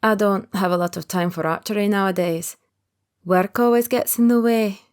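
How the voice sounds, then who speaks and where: A woman voicing a reserved man in his early thirties in an audiobook, speaking quietly and guardedly. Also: medium pitch, steady tone, smooth, lightly acted. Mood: quiet, earnest. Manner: quiet, guarded, opens up slowly. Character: reserved thirty-one-year-old man, secret agent. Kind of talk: audiobook character voice.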